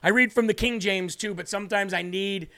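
A man with a notably high voice preaches on a livestream. He teaches the Bible in an earnest, emphatic way and slows right down to read scripture. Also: fairly even intonation, sharp tone. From northern United States. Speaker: host and preacher.

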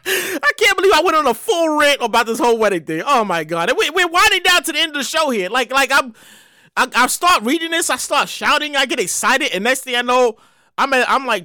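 A woman hosting her own show, ranting loudly and profanely in a comedic monologue, getting worked up and shouting. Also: high voice, a little fast, no echo, clean studio sound. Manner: loud, profane, excitable ranting. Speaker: show host.

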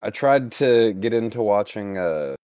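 A man's voice: fairly low pitch, animated, a little slow, a little mellow, clear, resonant tone, no echo, clean studio sound. A man, a new podcast member, answering hesitantly and thinking aloud. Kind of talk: casual chat.

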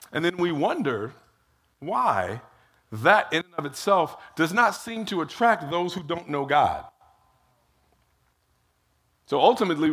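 Guy preaching a sermon, kinda high bright voice w/ some husk, acts out little quotes and fires off questions. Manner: animated preaching with acted-out quotes, rhetorical questions, repeated restarts. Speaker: pastor.

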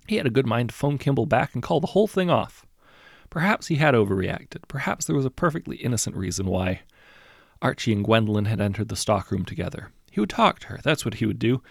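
A man reading a short story aloud as narrator, in a measured, understated storytelling manner. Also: medium pitch, creaky, slightly rough, no echo, clean studio sound. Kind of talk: scripted audiobook narration.

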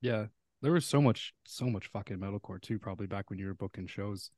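A man's voice: on the low side, fairly quick, darkish tone, dry recording, clean studio sound. A man hosting a podcast, laid-back and swearing casually, laughing often as he chats with his guest. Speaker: podcast host.

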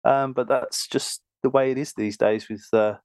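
A podcast host from Birmingham, England, with a Birmingham accent, chats loosely over a remote call, filling his speech with fillers and frequent laughs. His mid-range voice is steady, a little mellow and clean, at a moderate pace, in a dry recording.

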